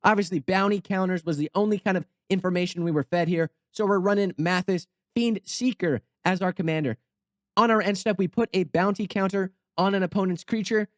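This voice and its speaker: A man's voice: high voice, a little fast, dry recording, studio quality. A young man hosting a channel, retelling a horror movie with goofy, rambling, sarcastic asides. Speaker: channel host. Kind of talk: comedic storytelling commentary.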